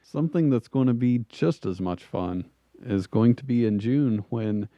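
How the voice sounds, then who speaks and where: A man hosting a podcast, talking in a relaxed, easygoing casual chat. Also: medium pitch, measured pace, no echo, muffled recording. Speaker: podcast host.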